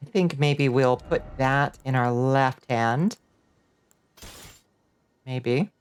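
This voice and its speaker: A woman's voice: very deep voice, drawn-out words, clear, resonant tone. A woman streaming a video game, chatting casually with her viewers, laughing often and thanking them as she plays.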